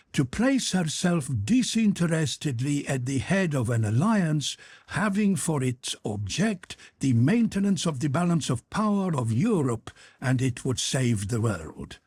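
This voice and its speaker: An earnest, idealistic abbé in an audiobook, read by a man narrating. He speaks in a pleading way, with a husky, breathy tone, and his pitch rises and falls freely. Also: a little mellow, no room sound.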